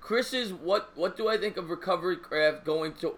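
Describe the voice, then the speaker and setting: An energetic man hosts a live sports call-in stream, talking fast with callers and chat. His voice is bright and slightly high. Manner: energetic, joking, talks to chat. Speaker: host.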